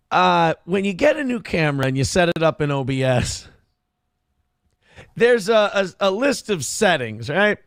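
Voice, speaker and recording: A man streaming from home who talks in a loose, rambling way. His voice is high and swoops up and down as he pokes fun at himself. The sound is close and dry. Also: big pitch swings, moderate pace, gravelly, no room sound. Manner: rambling, self-deprecating. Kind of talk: casual stream talk.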